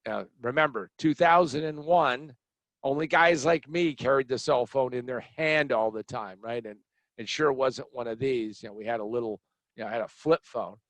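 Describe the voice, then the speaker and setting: A middle-aged man telling a personal story in a blunt, animated way, acting out other people's lines. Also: medium pitch, moderate pace, no room sound. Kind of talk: storytelling monologue.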